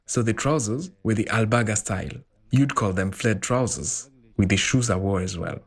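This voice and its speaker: A man voicing a translated interview, telling his story in an animated way. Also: lowish voice, normal speed, creaky, breathy edge. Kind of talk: voiced-over translation.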